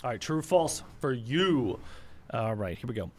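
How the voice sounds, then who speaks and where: Easygoing guy cohosting a podcast, mid pitch, upbeat, lots of yeahs and agreeing, faint noise behind. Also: very animated, normal speed. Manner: easygoing, upbeat and affirming, quizzes his co-host. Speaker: co-host of a real estate investing show. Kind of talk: casual podcast chat.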